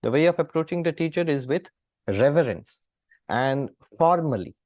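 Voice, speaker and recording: A middle-aged man from India, a monk calmly explaining scripture with gentle humor and frequent pauses. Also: a little high, no echo, dull audio. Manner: calm, gently humorous teaching with many pauses. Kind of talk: scripture lecture.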